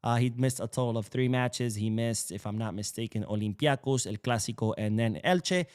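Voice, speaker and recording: A man's voice: mid-range voice, normal speed, a little mellow, smooth. A man hosting a casual sports podcast, chatty and opinionated, wandering off into side remarks. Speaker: podcast host.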